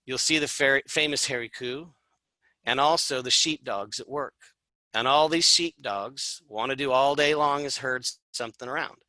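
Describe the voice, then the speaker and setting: A tour presenter casually walks through a travel itinerary in an informal, chatty presentation, dropping in asides and fillers. His middling-pitched voice is strikingly bright and comes at a moderate pace. The recording is dry, with no room sound, and of low quality.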